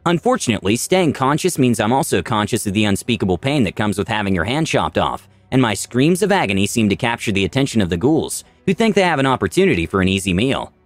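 A man's voice: fairly low pitch, sing-song, quick pace, hardly any pauses, no room sound, faint music behind. A man tells a tabletop fantasy adventure in the first person, wry and dramatic. His voice moves up and down a lot through the telling. The sound is close and dry. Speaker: storyteller of a tabletop campaign. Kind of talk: first-person story narration.

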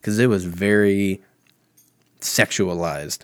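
A man in his thirties talks through a solo podcast from home in a lowish voice, rambling loosely and swearing freely while poking fun at himself. The recording is dry and close. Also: slow, clear, resonant tone, dry recording. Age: 30s. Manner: profane, rambling and self-mocking. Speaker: podcast host.

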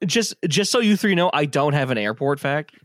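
A man's voice: fairly high pitch, sing-song, a little fast, a bit bright, no echo. A man on a game podcast, earnestly correcting and sharing facts in casual banter. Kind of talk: casual banter among friends.

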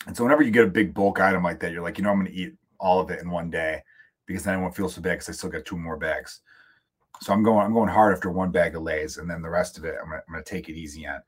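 A man's voice: deep voice, slightly rough. An American man hosting his own podcast, ranting casually with jokes, swearing and rambling asides into a close microphone. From United States. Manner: profane, joking, rambling asides. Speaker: podcast host. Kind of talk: casual solo comedic rant. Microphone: studio microphone, close.

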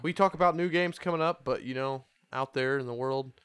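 A man's voice: mid-range voice, a little fast, fairly bright tone, smooth, no echo. A man in his twenties, a podcast co-host, chatting casually and swearing a lot. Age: 20s.

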